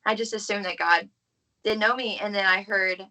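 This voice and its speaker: A young woman from the southern United States guests on a podcast, sharing an earnest, heartfelt faith testimony in casual talk packed with "like." Her medium-pitched voice is pushed and bright, with fairly even intonation and a moderate pace, on a rough recording.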